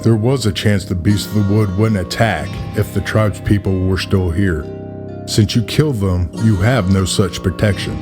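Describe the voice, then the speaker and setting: A man voicing a grieving, dignified queen in a spoken story, calm and solemn, with music behind. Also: lowish voice, normal speed, close to an everyday voice.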